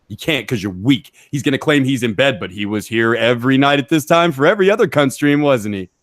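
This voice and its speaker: A man's voice: mid-range voice, fairly bright tone, dry recording, studio quality. A man hosting a livestream, angrily taunting someone in a heavily profane rant. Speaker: stream host.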